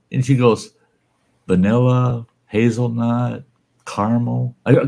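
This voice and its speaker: A man casually telling a salty, folksy story, voicing the people in it with lively shifts. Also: medium pitch, unhurried, vocal fry. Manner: folksy, salty, animated when quoting others. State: undergoing cancer treatment. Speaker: channel host telling stories.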